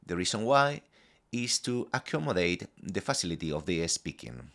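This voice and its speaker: Male language teacher, lower voice, very lively intonation, clear deliberate phrasing for listen-and-repeat. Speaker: Spanish teacher. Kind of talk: scripted language lesson.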